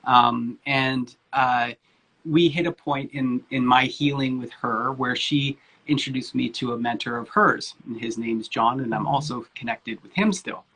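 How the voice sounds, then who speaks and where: A husky-voiced man in his forties tells his life story in a loose, candid way. He talks informally, pauses on fillers and swears without fuss. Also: mid-range voice, a bit bright. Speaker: guest speaker, spiritual coach.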